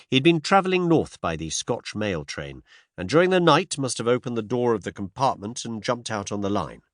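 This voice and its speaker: Guy reading an audiobook, animated delivery, super dry mic. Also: fairly low pitch, no room sound. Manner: measured storytelling, first-person narrator. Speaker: audiobook narrator. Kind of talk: scripted narration.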